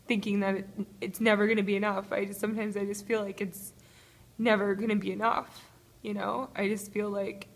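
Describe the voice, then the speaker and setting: Woman, tearful, halting, nervous laughs, confessional vlog, phone held close, small gym. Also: mid-range voice. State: tearful, crying. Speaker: vlogger. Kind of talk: emotional personal video diary. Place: small apartment-complex gym, indoors. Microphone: phone held to the face.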